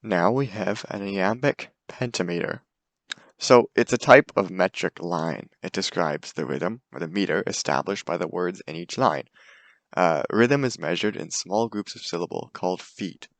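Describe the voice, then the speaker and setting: A man's voice: low voice, normal speed, vocal fry, dry recording. A young man giving a casual, hesitant class presentation full of fillers. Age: young adult. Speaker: student presenter.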